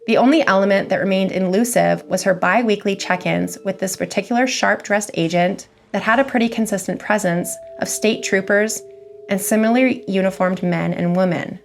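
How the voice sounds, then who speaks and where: A woman reading a scary story aloud as its narrator, in a measured, even storytelling manner. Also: on the low side, creaky. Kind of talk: scripted horror story reading.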